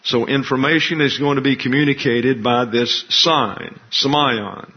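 Male pastor, mid-pitched, deliberate teacherly sermon delivery, muffled lo-fi sound. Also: fairly even intonation, husky. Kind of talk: expository sermon. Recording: dull lo-fi recording.

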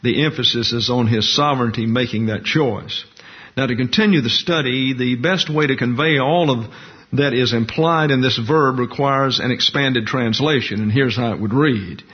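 Husky-voiced man teaching Bible doctrine. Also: medium pitch. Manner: deliberate, explanatory, walks through Greek terms and diagrams. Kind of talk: Bible study lecture. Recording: muffled lo-fi recording.

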